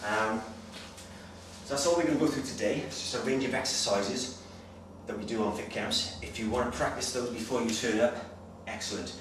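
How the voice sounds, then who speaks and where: Slightly breathless fitness coach in echoey hall. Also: male voice, mid-range voice. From Wales. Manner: brisk, direct coaching with frequent "okay?" check-ins. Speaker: personal trainer. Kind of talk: exercise demonstration instruction. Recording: very echoey, distant, noisy room sound.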